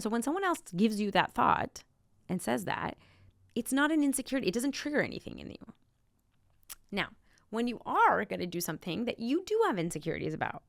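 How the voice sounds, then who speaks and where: A woman's voice: mid-range voice, creaky, dry recording, studio quality. A young adult woman hosting a podcast, talking through advice in a casual monologue full of "like" and "right?" asides. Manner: conversational, many "like" and "right?" asides. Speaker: podcast host.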